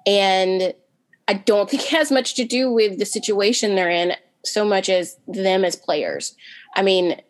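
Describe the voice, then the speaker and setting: A woman on a podcast panel in casual chat, talking in quick bursts with frequent restarts and fillers. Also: medium pitch. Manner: talks fast in bursts with many restarts and fillers.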